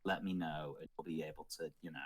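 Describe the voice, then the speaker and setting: A man's voice: extremely low pitch, fairly even intonation, quick pace, husky, voice pushed down. A man voicing a woman merchant who is frank and grateful and swears casually.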